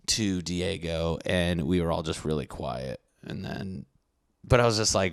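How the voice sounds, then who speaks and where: A man's voice: sits low, moderate pace, a bit bright. A young man hosting a podcast, telling a profane, rambling, self-mocking story in a casual monologue. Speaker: podcast host.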